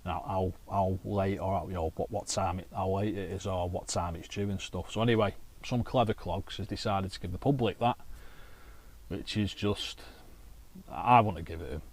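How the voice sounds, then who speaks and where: A man's voice: deep voice, normal speed. A man chatting casually to camera outdoors by a lake, telling anecdotes while fishing. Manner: chatty anecdotal storytelling with swearing. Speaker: carp angler and vlogger.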